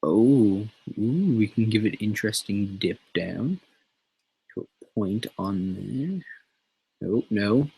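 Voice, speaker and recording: A man's voice: fairly low pitch, lively intonation, takes it slowly, gravelly, warm tone, husky, poor audio. A man hosting a casual show, rambling and swearing freely as he chats. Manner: profane, rambling, laughs often. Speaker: show host.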